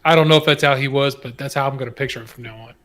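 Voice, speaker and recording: A man co-hosting a sports podcast, talking in a wry, laid-back way. His voice sits at a middle pitch. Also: rapid-fire, a bit bright. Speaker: podcast co-host. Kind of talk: casual chat.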